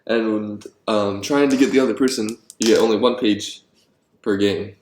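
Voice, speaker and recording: A man designing board games and thinking aloud, rambling and getting excited about his ideas, with many ums. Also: fairly low pitch, moderate pace, a little hiss or hum. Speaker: board game designer vlogger. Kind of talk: thinking aloud while brainstorming. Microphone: handheld camera. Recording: echoey room.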